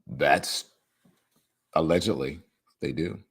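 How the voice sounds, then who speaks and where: A man hosting a livestream talk show, reading viewer comments and reacting in an animated, emphatic way with teasing asides. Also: extremely low pitch, slow pace, vocal fry, husky.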